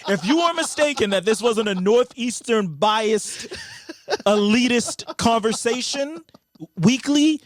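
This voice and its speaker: A young man co-hosting a casual podcast, animated and profane, often laughing. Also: very high-pitched, slow, no echo. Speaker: podcast co-host. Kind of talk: casual chat.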